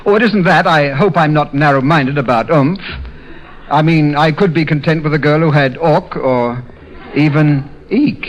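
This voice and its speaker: A man's voice: fairly high pitch, moderate pace, a little hiss or hum. A British man as a radio comedy guest, trading banter in a dry, rueful, self-deprecating way. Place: radio studio. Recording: dull 1930s radio broadcast.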